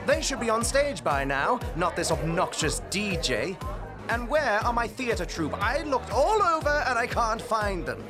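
A whiny, self-important prince, voiced by a man in a fantasy audio drama. His pitch swings widely as he complains. Music plays behind him. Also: big pitch swings, measured pace. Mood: petulant. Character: spoiled petulant young prince.

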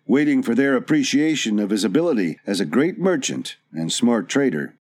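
A man narrating an audiobook in a steady, even manner. His voice sits in a plain middle register. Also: medium pitch, normal speed.

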